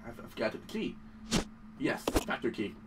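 Young male let's-player, excitable and profane, a bit off mic over clear background noise. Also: medium pitch, fairly quick, distant mic. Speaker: gaming channel host. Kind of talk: let's play commentary.

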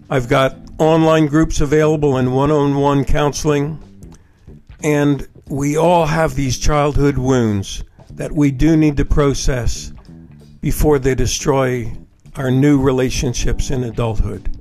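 A man hosting a podcast on addiction recovery, reading poems in a measured, solemn way and reflecting on them. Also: medium pitch, a little mellow. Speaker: podcast host and addiction counselor.

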